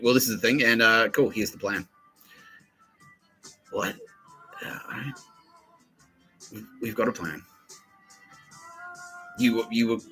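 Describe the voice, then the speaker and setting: A man hosting a crude comedy podcast, swearing freely, laughing often and mimicking people in quick asides. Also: deep voice, sharp tone, rough recording. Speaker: podcast host.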